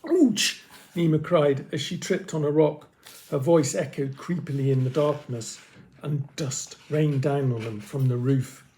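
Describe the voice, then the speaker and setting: A man reading a children's story aloud with expressive, dramatic pauses. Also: fairly high pitch, a little hiss or hum.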